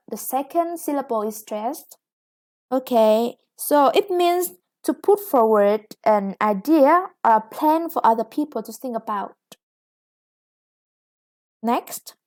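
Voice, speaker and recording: In a recorded grammar lesson, a female English teacher with a Vietnamese accent explains things slowly and patiently, sprinkling in lots of "yeah" and "okay." Her voice sits a little high, with a somewhat dark tone.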